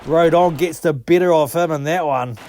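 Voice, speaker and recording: A high-voiced man calls the action of his video game like a broadcaster, swearing freely and getting worked up over every play. A steady hum of background noise sits under his voice. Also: moderate pace. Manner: excitable, sweary, jokey. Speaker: gaming channel host.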